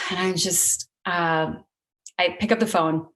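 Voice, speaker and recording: A woman sharing a personal story before an audience in a relaxed, conversational way. She is earnest and openly emotional, laughing through tears at times. She fills her pauses with plenty of ums. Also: on the low side.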